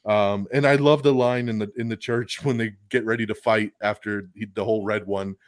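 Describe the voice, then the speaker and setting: A man's voice: fairly low pitch, normal speed, dry recording. Chuckling, easygoing male podcast host. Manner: animated, chuckles often, heavy on fillers like "you know". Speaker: podcast host reviewing a film. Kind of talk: casual chat.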